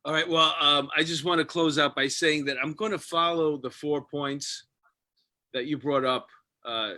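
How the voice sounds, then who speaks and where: Bright-voiced hesitant podcast host man. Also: on the high side, fairly even intonation, normal speed. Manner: hesitant, many fillers and restarts, joking. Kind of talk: casual podcast chat.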